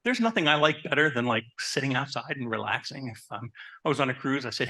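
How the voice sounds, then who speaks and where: Man, husky voice, forceful, animated speaker, rhetorical questions, conversational talk. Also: medium pitch, fast talker. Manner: animated, asks the audience questions; personal anecdotes, conversational. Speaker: therapist giving a talk. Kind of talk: live presentation to an audience.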